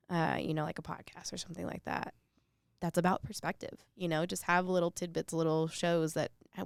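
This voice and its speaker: A woman speaks as a podcast guest in a low, gravelly voice that still comes across smooth and full. She tells her stories earnestly and reflectively. The recording is dry and close. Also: no echo. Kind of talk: casual interview conversation.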